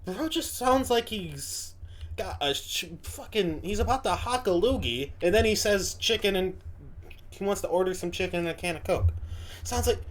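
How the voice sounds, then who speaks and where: A man's voice: high-pitched, animated, normal speed, a little hiss or hum. A man from the United States giving casual reaction commentary, loose and slangy, swearing freely. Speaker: reaction video host.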